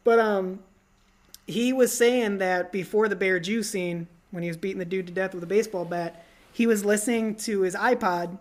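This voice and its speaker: A giggly woman co-hosting a casual film podcast. She talks at an everyday pitch and keeps breaking into laughter. Now and then she drops into silly voices to quote movie lines. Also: steady tone, moderate pace. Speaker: podcast co-host.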